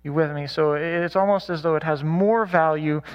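A man's voice: a little high, steady tone, normal speed, clean tone, highs cut off. A man leading a church Bible study, talking casually with many fillers and self-corrections. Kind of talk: casual teaching talk with anecdotes.

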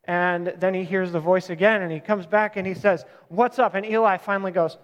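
A man with a high voice preaches in a relaxed, chatty way. He often stops to correct himself. His voice rings with the long reverb of a large hall. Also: fairly quick, smooth. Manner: casual, conversational retelling with self-corrections. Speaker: pastor. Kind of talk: sermon.

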